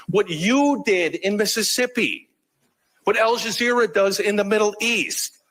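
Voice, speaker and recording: A man's voice: sits high, a bit bright, rough recording. A man from Wisconsin giving an impassioned speech at an award event, earnest and emphatic.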